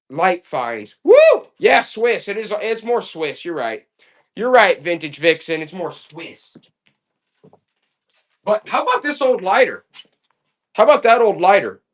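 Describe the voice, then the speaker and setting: Auction stream host, animated pitch, jokey hard-sell patter. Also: slow pace, long pauses. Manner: joking, playful sales banter. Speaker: live online auction seller.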